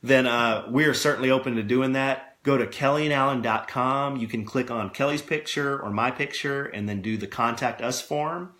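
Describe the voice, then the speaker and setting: A man's voice: mid-range voice, normal speed, hardly any pauses, fairly bright tone, echoey room. A middle-aged man co-hosting a casual podcast from home, talking in an easygoing, rambling, playful way. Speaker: podcast co-host. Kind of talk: casual chat.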